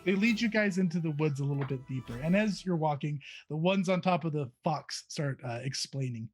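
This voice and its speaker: A man's voice: on the high side, lively intonation, brisk, breathy edge, soft background music. A man narrating as game master of a tabletop game, laughing often as he describes the scene.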